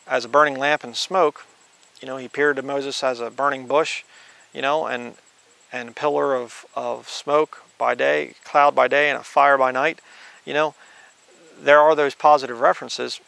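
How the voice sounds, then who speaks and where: A male preacher slowly reading scripture aloud, then adding blunt conversational asides. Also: mid-range voice, steady tone, vocal fry, sharp tone. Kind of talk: informal Bible teaching.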